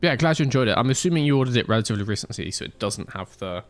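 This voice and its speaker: A man's voice: mid-range voice, expressive, racing. A young man streaming a racing management game, chatting casually with joking banter and mock outrage. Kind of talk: casual live-stream chat.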